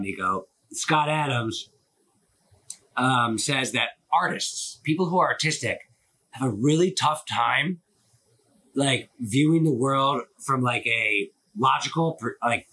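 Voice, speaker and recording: Speaking into a phone, a man hosts a live stream full of casual, opinionated, rambling chat, packed with filler words and swearing. His mid-range voice is bright, forceful, and slightly rough.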